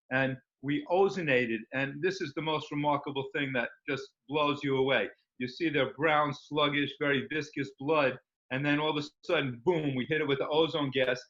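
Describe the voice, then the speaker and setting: A man's voice: on the high side, fairly bright tone. A man speaking as an interview guest, rambling and enthusiastic with many fillers. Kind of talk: casual interview talk. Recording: dull lo-fi recording.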